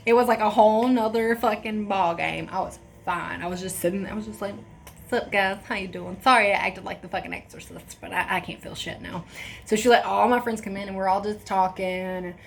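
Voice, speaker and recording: A woman's voice: medium pitch, steady tone, normal speed, creaky, slight background noise. A young woman vlogger telling a personal story in casual chat, candid and swearing often. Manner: candid, swears a lot, acts out quoted voices.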